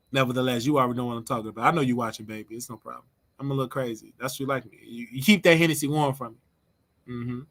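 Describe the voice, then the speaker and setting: Man, livestream host, casual chat, teasing, rambling, bright tone. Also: medium pitch.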